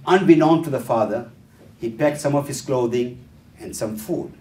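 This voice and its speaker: A male trainer lectures through anecdotes, slipping into changed voices for the characters and pausing on fillers. He sounds set back from the microphone. His voice carries a roomy echo. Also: mid-range voice, mellow. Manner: storyteller who acts out the dialogue in changed voices, with frequent fillers. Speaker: educational trainer giving a workshop talk. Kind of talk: lecture told through stories. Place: talk venue, roomy space. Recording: roomy echo, distant mic.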